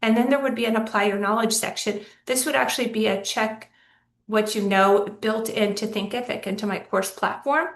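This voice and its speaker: A woman's voice: fairly high pitch, steady tone, normal speed, distant mic. Woman teaching a lesson, echoey room. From Texas, US. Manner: patient, explains step by step with examples. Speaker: Spanish teacher. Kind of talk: recorded lesson.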